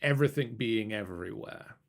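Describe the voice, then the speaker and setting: A man's voice: fairly low pitch, fairly quick, vocal fry. A man narrating a tabletop game as game master, describing scenes in a rambling way with fillers.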